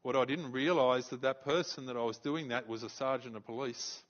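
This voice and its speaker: An Australian man, a pastor, preaching a sermon and telling a story, animated and stumbling over repeated words. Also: mid-range voice, a little fast, dull audio. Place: church.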